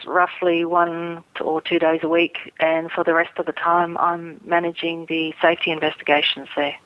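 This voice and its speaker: A middle-aged woman, an airline pilot, speaking earnestly and measured as a guest in a phone interview. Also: lowish voice, little pitch movement, no room sound. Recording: tinny phone line.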